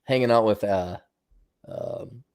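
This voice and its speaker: A man's voice: fairly low pitch, slow pace, darkish tone. An American man in his forties hosting a livestream, answering viewer questions in a blunt, profane, sarcastic rant. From United States. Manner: blunt, profane, sarcastic, mocks others in mimicking voices.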